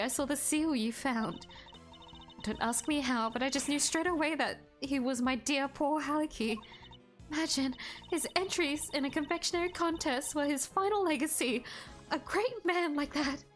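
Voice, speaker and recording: A woman's voice: sits high, moderate pace, soft background music, pitched above the performer's own voice, close to an everyday voice. A woman with an Australian accent voicing a flustered, evasive woman confectioner who stammers when pressed. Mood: wistful.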